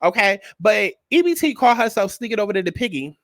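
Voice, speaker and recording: A man with a high, bright voice gives a casual reality TV recap. He talks in a sassy, animated, profane way and hammers each point home by saying it twice. The sound is close and dry. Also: a little fast, dry recording. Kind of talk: casual commentary.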